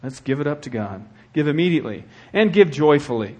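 A man preaching a sermon as the church's pastor, swinging between hushed, earnest talk and loud, fervent exhortation. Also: on the high side, very animated, brisk, slightly rough.

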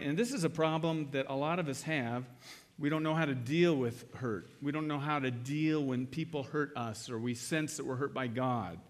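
A middle-aged man preaching a conversational sermon as pastor, acting out little scenes with humor. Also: a little high. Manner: conversational, acts out quoted exchanges with humor.

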